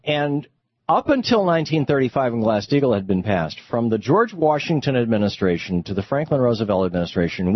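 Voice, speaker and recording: A man's voice: mid-range voice, slightly rough, no room sound, highs cut off. A man hosting a radio talk show, explaining in a conversational, emphatic way with rhetorical questions.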